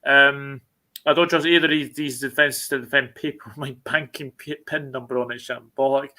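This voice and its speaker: Male host with a bright, sharp voice, reading viewer comments between fillers. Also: medium pitch, fairly even intonation, normal speed. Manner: reads viewer comments aloud, filler-heavy. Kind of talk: casual football watchalong chat.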